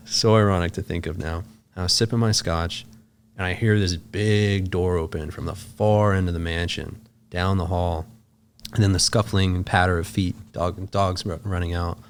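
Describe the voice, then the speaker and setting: Low-voiced man telling a story. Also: steady tone, moderate pace, slight background noise. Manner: loose and profane, full of "like" fillers. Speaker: podcast guest. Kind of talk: casual storytelling.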